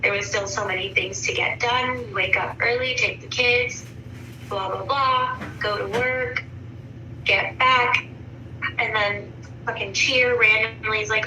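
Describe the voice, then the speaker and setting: A bright, tense-toned woman in her thirties recounts a hard day in a loose, rambling way and swears without a second thought. The voice sits well back from the mic in a roomy, echoing space. A faint hiss of noise runs underneath. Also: a little high, fairly even intonation, a little slow. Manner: rambling, frank, swears freely. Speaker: counseling client. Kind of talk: casual personal account. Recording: echoey room from far off, faint noise.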